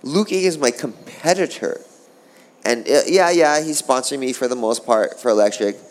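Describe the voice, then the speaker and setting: A middle-aged man, a former pro surfer, telling stories in a casual interview, animated and profane, rambling along. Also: mid-range voice, normal speed.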